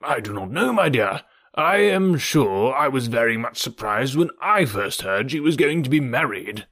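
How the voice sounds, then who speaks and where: A fussy, anxious old gentleman and father, as a man reads him aloud, sighing and fretting over his loved ones. His husky voice swings widely up and down, heard close and dry. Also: medium pitch, big pitch swings, normal speed, dry recording. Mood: fretful. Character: fretful elderly fond father, gentleman. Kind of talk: audiobook reading.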